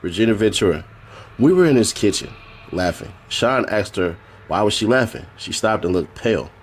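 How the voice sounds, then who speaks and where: A man's voice: on the low side, moderate pace, slight background noise. A man streaming, reading a court transcript aloud in a casual way and breaking off for joking asides. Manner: reads flatly, then breaks off for joking asides and laughs.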